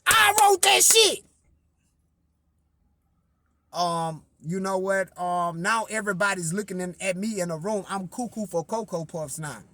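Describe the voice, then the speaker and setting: A man casually telling a personal story as a singer-songwriter, slangy and profane, swinging from loud outbursts to low asides and talking straight to his listeners. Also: normal speed, hardly any pauses, no room sound.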